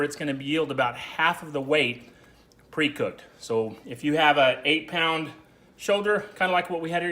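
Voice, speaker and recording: A man's voice: mid-range voice, sharp tone. A man hosting a casual cooking video, chatting through each step for the viewer. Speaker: cooking show host. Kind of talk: casual how-to cooking narration.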